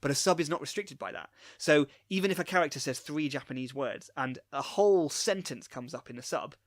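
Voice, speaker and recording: A man's voice: fairly high pitch, fairly quick, no room sound, clean studio sound. A man co-hosting a casual chat about anime, explaining his views at length in long, thoughtful sentences. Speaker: podcast co-host.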